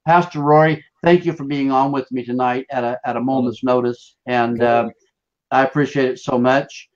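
A man hosting a faith show, gently thanking viewers in a halting way with many fillers. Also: medium pitch, fairly even intonation, dull audio. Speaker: show host. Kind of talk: closing remarks to viewers.

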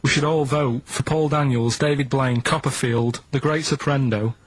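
A man on a radio show, explaining things slowly in casual banter and tagging sentences with "right?". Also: mid-range voice, steady tone, slight background noise. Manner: plodding explainer, ends phrases with "right?".

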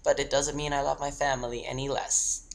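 A man's voice: medium pitch, little pitch movement, brisk, creaky. A man, giggling and rambling through a casual holiday video message. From Australia. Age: 20s. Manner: rambling and giggly, talking to a toy. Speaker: vlogger.

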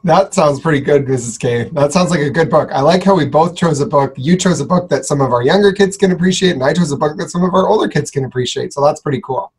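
A man on a school's staff chatting casually to students, relaxed and peppered with "uh"s. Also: fairly high pitch, quick pace, hardly any pauses, slightly rough, poor audio. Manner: relaxed, with frequent "uh" and "um".

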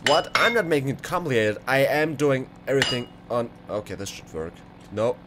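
A man giving excitable let's play commentary, exclaiming and rambling as he goes. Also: mid-range voice, normal speed. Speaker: gaming video creator. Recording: clear background game noise.

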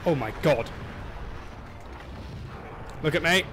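A young man giving casual, excitable commentary over his own gameplay, yelping and laughing at the game. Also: fairly high pitch, slow pace, noisy background. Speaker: gaming channel host.

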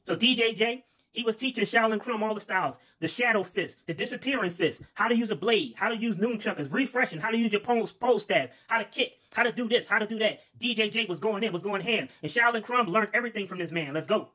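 Fast, bright comic storyteller man. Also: high-pitched, slightly rough. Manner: profane, rambling, casual. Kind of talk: comedic improvised storytelling.

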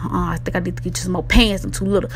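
A woman playing a bossy mother who loudly scolds her daughter. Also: lowish voice, steady tone, rapid-fire, a little hiss or hum, pitched below the performer's own voice, close to an everyday voice. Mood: scolding.

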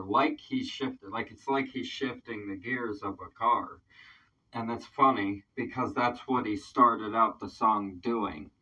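A man hosting a casual reaction video, excitable, swearing freely and leaning on "like" as he thinks aloud. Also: lowish voice, a little hiss or hum. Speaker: reaction video host, independent artist. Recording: dull sound, slightly distant mic.

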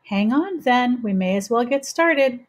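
A woman voicing a small, brave female bird in a storybook read-aloud, lifting her voice higher and sounding practical and reassuring. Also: animated, a little slow.

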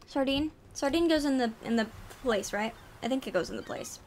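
A woman's voice: high voice, expressive, fairly quick, darkish tone, a little hiss or hum. A woman streaming a game live, chatting casually in a playful, rambling way. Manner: playful, rambling, giggly asides. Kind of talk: casual live gameplay chat.

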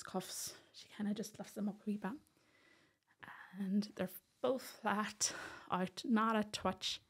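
A woman's voice: fairly low pitch, breathy edge. Earnest woman telling her story. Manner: earnest, acts out what others said. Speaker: podcast guest. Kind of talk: personal storytelling in conversation.

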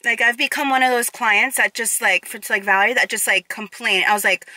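Young female vlogger, tired and emotional, rambling confessional delivery, slightly high voice. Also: steady tone, a little fast, few pauses, sharp tone, dry recording, low-quality recording. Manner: emotional, rambling, heavy on filler words. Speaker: fitness vlogger. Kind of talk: candid confessional vlog.

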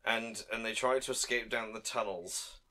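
A man's voice: fairly low pitch, steady tone, normal speed, sharp tone, poor audio. A man giving a blunt, mocking film commentary, swearing freely. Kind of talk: casual film commentary chat.

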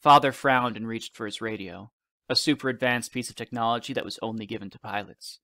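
A male teacher reads a novel aloud to his class in a measured storytelling voice. His middle-pitched voice has a gravelly edge, recorded close and dry with no room sound. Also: pushed and bright, no room sound.

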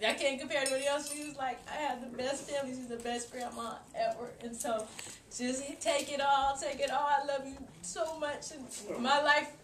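A woman's voice: sits high, fairly even intonation, normal speed. A young woman giving a rambling, emotional tribute to her grandmother at a family gathering. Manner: rambling, tearful and effusive. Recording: roomy, distant home camcorder with noise.

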